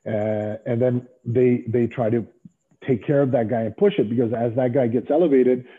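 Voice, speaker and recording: A middle-aged man telling stories as an interview guest, animated and acting out other people's lines. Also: medium pitch, normal speed, slightly rough. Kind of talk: casual storytelling interview. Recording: tinny phone-like line.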